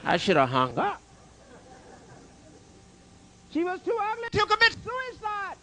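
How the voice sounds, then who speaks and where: A male comedian on a club stage, his voice pitched unusually high and sharp, bouncing through a wide, animated range. He fires off brash one-liners and teases the audience between jokes. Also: a little fast, slight background noise. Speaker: stand-up comedian. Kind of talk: stand-up comedy with crowd work.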